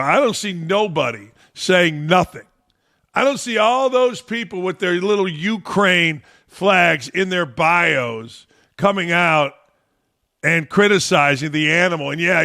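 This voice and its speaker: A man's voice: on the high side, bright, forceful tone. A man hosting a sports-talk podcast, ranting in a blunt, profane, combative way. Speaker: podcast host.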